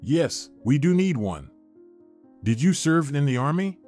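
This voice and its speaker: A man's voice: on the high side, sing-song, measured pace, darkish tone, soft background music. Suspicious, dismissive store boss, read by a man. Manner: curt, dismissive. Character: suspicious deep-voiced store manager.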